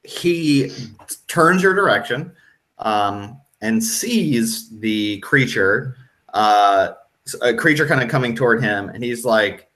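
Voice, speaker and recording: A man's voice: medium pitch, animated, slow, fairly bright tone. A man narrating as game master of a tabletop horror game, hesitant, with many ums and restarts.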